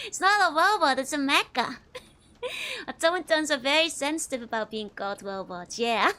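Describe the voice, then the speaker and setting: A woman's voice: high-pitched, animated, a little slow, pauses often, pushed and bright. A woman streaming a game and chatting casually, giggling often as she comments. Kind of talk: casual let's-play commentary.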